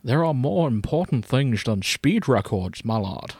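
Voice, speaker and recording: A man's voice: mid-range voice, sing-song, unhurried, a little mellow, husky, no echo, heavily acted. A man reading the part of a kindly older male steam engine in a comedy fan-fiction reading. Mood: calm. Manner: soothing, patient.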